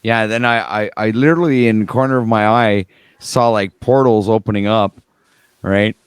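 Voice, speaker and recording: Laid-back man with a smooth low voice. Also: moderate pace, dry recording. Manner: animated storytelling, acts out dialogue. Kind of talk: casual chat.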